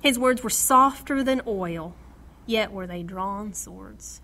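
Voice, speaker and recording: A middle-aged woman's mid-range voice comes through slow and creaky as she teaches Bible study to a small group. Animated throughout, she reads scripture aloud, acts out quotations and often laughs.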